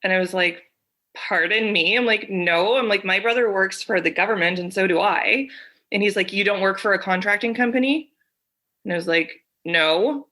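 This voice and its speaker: A woman's voice: medium pitch, moderate pace, bright, forceful tone. A woman co-hosting a podcast, retelling a phone call in casual chat and acting out both sides of it. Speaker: podcast co-host.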